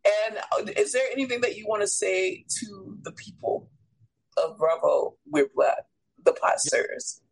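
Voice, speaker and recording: A woman's voice: mid-range voice, expressive, a little slow, gravelly, husky, rough recording. A woman hosting a podcast, blunt and playful in casual chat. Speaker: podcast host.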